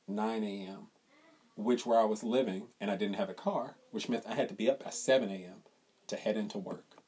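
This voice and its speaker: Husky-voiced man telling a rowdy story. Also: lowish voice. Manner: profane, animated storytelling with quoted voices. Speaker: podcast co-host. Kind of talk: casual storytelling chat.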